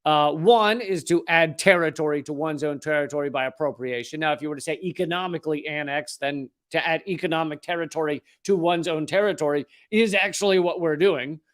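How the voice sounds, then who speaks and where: A man's voice: fairly high pitch, fairly quick, hardly any pauses, a bit bright. A man hosting a live-stream commentary, reading from an article and breaking off into sarcastic, joking asides.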